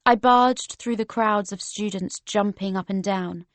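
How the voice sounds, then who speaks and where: A woman reading a first-person novel aloud as an audiobook narrator, steady and measured. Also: medium pitch, dry recording.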